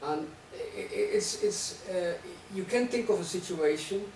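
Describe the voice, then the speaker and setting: Guy in the audience pushing a provocative question, kinda high voice, keeps saying right?, echoey room. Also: unhurried, a little mellow. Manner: provocative, rhetorical, tags statements with "right?". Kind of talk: academic Q&A discussion. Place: lecture hall. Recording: echoey room, distant mic, faint noise.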